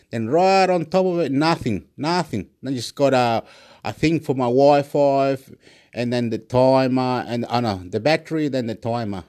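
A man's voice: mid-range voice, darkish tone, no echo. A man hosting his own channel, rambling in a repetitive solo monologue recorded on a phone. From Australia. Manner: rambling and repetitive, loops phrases. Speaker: channel host. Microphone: phone recording app.

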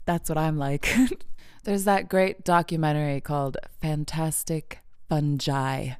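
Rambling woman with a smooth, low voice. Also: steady tone, takes it slowly, dry recording, studio quality. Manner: meandering, filler-heavy, laughs often. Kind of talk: casual rambling monologue.

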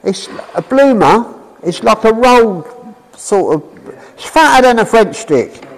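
A man preaching in a chatty, questioning way, his voice high and swinging up and down. He talks at an unhurried pace. His words carry a long reverb, as if he were in a big hall. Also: sing-song. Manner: chatty, asks the audience questions. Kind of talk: informal sermon to a congregation.

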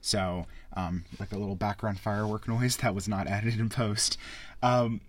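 A man hosting a casual spoken film review, rambling and excitable, with frequent swearing. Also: fairly low pitch, moderate pace, slight background noise. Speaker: podcast host reviewing a film.

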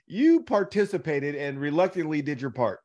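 A man's voice: a little high, expressive, moderate pace, a little mellow. A young man co-hosting a podcast, riffing with wry, crude jokes in casual banter. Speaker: podcast co-host.

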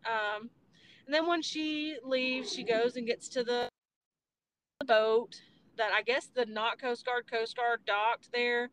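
A woman's voice: fairly high pitch, fairly even intonation, slow, fairly bright tone. Rambling young woman chatting about a film. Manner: rambling, retells scenes with quoted voices, swears. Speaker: podcast host. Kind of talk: casual movie chat. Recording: faint background noise.

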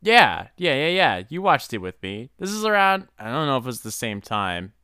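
A man co-hosting a casual podcast, with hesitant restarts and energy that starts high and quickly drops off. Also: sing-song, sharp tone, clear, resonant tone, no echo, clean studio sound. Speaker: podcast co-host. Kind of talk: casual chat.

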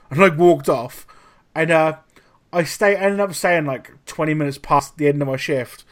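Young man, casual podcast storytelling, fairly high voice, animated delivery. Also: moderate pace. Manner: animated, swearing, acts out quotes. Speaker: podcast host.

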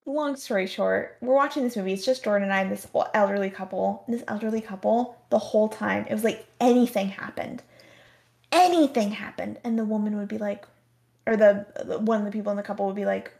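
A woman's voice: mid-range voice, steady tone, fairly quick, gravelly, a little mellow. A young woman guest on a podcast, telling a rambling story that is full of "like.". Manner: rambling, heavy on "like". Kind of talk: casual storytelling.

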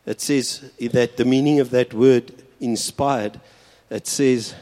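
A man, preaching a sermon in a church hall with earnest, slow, emphatic repetition. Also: mid-range voice, steady tone, warm tone. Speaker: pastor.

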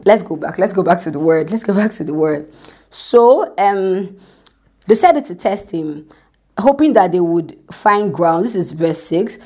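A woman's voice: on the low side, a little mellow. A young woman giving an informal devotional talk. She speaks in a chatty way, often asks "do you get me?", and acts out the voices she quotes. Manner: conversational, repeats "do you get me?"; acts out quotes, drops to a whisper for prayers. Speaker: Christian speaker.

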